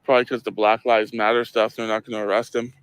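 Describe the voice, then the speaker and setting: A man chatting calmly on a livestream, musing aloud about what he sees. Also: on the low side, fast talker, smooth, no room sound. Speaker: livestreamer on a watched clip. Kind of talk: casual livestream chat.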